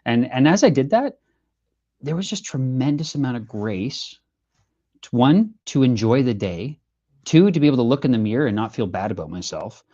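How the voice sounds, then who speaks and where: An earnest man talks through his story in a casual interview, animated and full of fillers. His voice sits at a middling pitch. The sound comes over a dull, lo-fi video call line. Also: moderate pace. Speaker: singer-songwriter guest.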